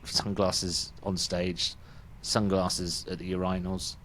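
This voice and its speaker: A man's voice: sits low, flat delivery, takes it slowly, a bit bright, a little hiss or hum. A British man hosting a music podcast in casual, chatty talk, often laughing. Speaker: podcast host. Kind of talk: casual chat.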